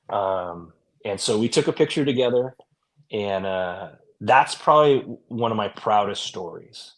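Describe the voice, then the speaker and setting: A former police officer from California tells stories in a podcast interview, rambling casually and filling his speech with fillers. His voice is fairly low and a little slow.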